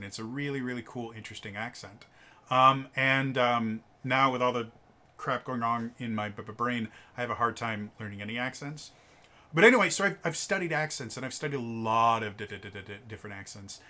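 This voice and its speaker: A man talks through a tabletop game book review in a loose, rambling way. He stutters often, repeating the first sound of a word several times before it comes out. His voice has a bright, sharp tone at a middle pitch. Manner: loose, rambling delivery full of ums and uhs. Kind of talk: casual video review commentary.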